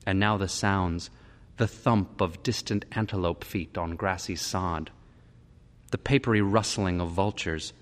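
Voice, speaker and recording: A man's voice: low-pitched, fairly even intonation, measured pace. A man narrating a story aloud, lingering vividly over the descriptions. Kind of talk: dramatic story reading. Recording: reverberant hall.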